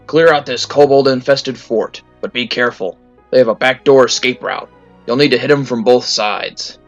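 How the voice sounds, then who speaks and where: A man voicing a brisk, businesslike male tavern keeper handing out bounty jobs, as a storybook reading. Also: mid-range voice, muffled recording, faint music behind, close to an everyday voice.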